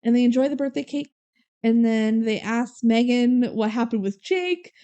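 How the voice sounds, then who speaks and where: Young woman co-host, casual recap chat; slightly high, warm and smooth. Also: moderate pace. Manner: retells scenes with quoted character lines, frequent "like" and "um". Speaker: podcast co-host.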